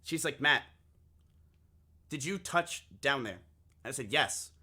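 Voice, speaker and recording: A man's voice: mid-range voice, expressive, slow pace, bright, forceful tone. A man streaming live, telling a long personal story to his chat in a crude, candid, casual way, often repeating himself.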